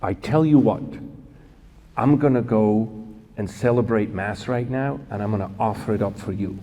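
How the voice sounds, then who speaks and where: A man voicing a kindly elderly male church leader in a gentle, reassuring way, in his own mellow voice. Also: fairly low pitch, moderate pace. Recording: long hall reverb.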